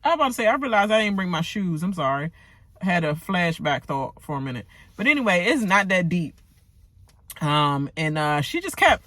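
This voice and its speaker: A woman's voice: fairly low pitch, moderate pace, no room sound. A woman, ranting casually in slang while recapping a reality show and acting out its cast. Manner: animated, slangy, acts out the cast members' lines. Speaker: recap vlogger.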